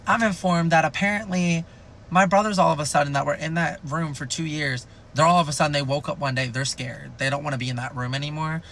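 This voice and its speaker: A man in his twenties telling a comedic storytime monologue in an animated, profane, self-mocking way, jumping his pitch up for emphasis. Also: fast talker, a little hiss or hum. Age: 20s.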